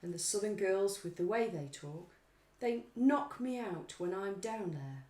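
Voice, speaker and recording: Giggly woman reading lyrics slowly. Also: medium pitch, expressive, warm tone, reverberant. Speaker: quiz co-host. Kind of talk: casual live quiz, reading lyrics aloud.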